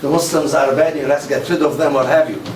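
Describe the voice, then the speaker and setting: A man's voice: on the high side, steady tone, fast talker. An older man giving a public lecture, telling anecdotes and acting out the quoted dialogue with animation. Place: mosque hall. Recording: roomy, distant mic with faint noise.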